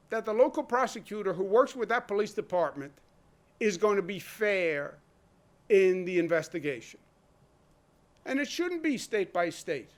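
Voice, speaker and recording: A man, a state governor giving an impassioned speech full of rhetorical questions and punchy short phrases. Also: high-pitched. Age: 60s. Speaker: state governor at a press briefing.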